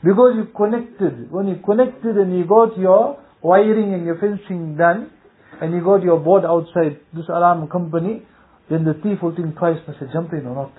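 A man delivers a sermon in a fairly high voice, spinning humorous anecdotes and acting out dialogue. The recording is thin and tinny, like a phone line. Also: normal speed. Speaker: Islamic scholar giving a talk.

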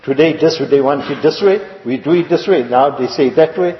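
A man's voice: fairly high pitch, brisk, slight background noise. A man preaching a sermon, telling stories and asking the congregation rhetorical questions, repeating his points. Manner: rhetorical questions and repetition, storytelling. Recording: echoey lo-fi hall recording.

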